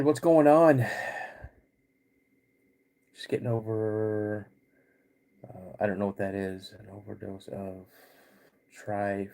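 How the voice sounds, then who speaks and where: A man in his fifties hosting a live podcast stream, greeting chat viewers by name in a halting way while getting over a cold. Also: lowish voice, a little mellow. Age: 50s. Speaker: podcast host.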